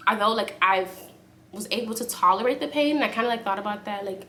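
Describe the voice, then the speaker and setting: A young woman casually telling a story to camera for her vlog, chatty and animated, acting out what others said. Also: medium pitch, fast, slight background noise. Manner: animated, acts out quotes in a raised voice; speaks softly aside to her baby. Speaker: vlogger.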